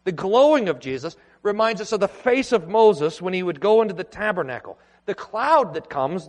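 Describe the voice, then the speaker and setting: A man preaching a sermon in a church, earnest and emphatic, with pauses and restarts. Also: high voice. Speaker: pastor. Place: church sanctuary. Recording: long hall reverb.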